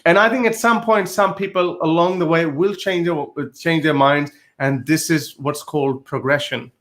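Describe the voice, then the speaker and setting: A man's voice: a little high, fairly even intonation, normal speed, a bit bright. A man in a podcast discussion, arguing insistently with frequent restarts.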